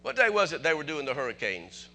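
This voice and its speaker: A man preaching a sermon as pastor, animated, asking the congregation questions and chuckling often. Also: a little high, quick pace, soft background music.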